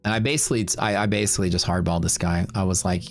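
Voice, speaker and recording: A man's voice: low-pitched, fairly even intonation, fast talker, few pauses, soft background music. A man hosting a livestream, telling a long story in a casual, rambling way, full of fillers and quoted back-and-forth. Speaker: livestream host.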